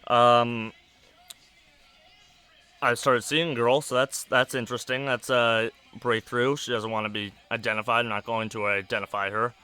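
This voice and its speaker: A young man hosting a podcast, rambling casually in a monotone with many fillers while sounding stressed. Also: mid-range voice, moderate pace, clean tone, soft background music. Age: young adult. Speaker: podcast host. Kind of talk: casual personal rambling over a wrestling match.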